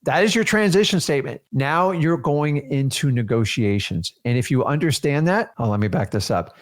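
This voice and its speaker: Middle-aged guy teaching a live training, punchy and emphatic, plays out little seller convos, mid-pitched. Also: moderate pace. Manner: energetic, emphatic, acts out seller dialogues. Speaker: real estate wholesaling coach.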